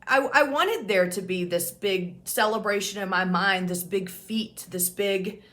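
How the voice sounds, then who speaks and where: A woman's voice: mid-range voice, a little slow, a bit bright. Frank, casual woman telling her own story. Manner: frank and casual, swears freely, laughs at herself. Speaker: OCD peer support specialist and channel host. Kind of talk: candid personal storytelling to camera.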